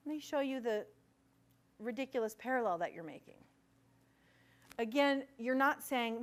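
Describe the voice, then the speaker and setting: A woman's voice: on the high side, moderate pace. A middle-aged woman presenting a parent workshop in a conversational way, acting out bits of dialogue. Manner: conversational, acts out quoted dialogue. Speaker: gifted education administrator presenting to parents. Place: school meeting room.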